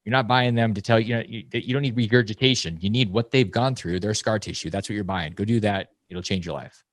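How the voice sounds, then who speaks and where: A man in his forties, a podcast guest, talking bluntly and emphatically, jumping into loud mocking quotes. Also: on the low side, quick pace, no echo. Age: 40s. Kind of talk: fast, blunt podcast talk.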